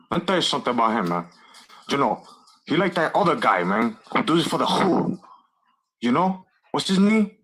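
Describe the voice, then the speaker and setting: A man's voice: a little high, a bit bright, voice pushed up. A man doing a comedic impression of a cocky movie gangster, swaggering and tacking 'man' onto every phrase. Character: film gangster, cocky tough man with a cigar.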